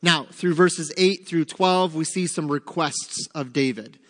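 The sound of a big room surrounds a Bible teacher whose voice is a little high and whose pace is measured. Guiding an interactive study, he asks his listeners questions, then responds to them himself.

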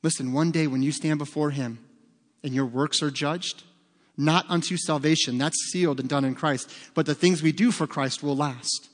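A man's voice: on the high side, moderate pace, big-room sound. A man preaching a sermon as pastor, earnest and emphatic, asking rhetorical questions.

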